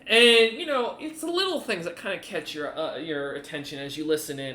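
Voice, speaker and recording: A man's voice: fairly high pitch, a little fast, few pauses, pushed and bright, echoey room, a little hiss or hum. A man narrating a tabletop game as game master, rambling with fillers and restarts.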